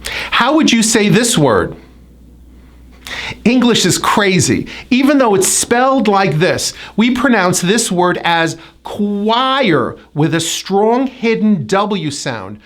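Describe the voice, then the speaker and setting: Slow, lively American woman coach. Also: medium pitch. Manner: slow, exaggerated enunciation with drilled repetitions. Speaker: pronunciation coach. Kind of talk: pronunciation lesson.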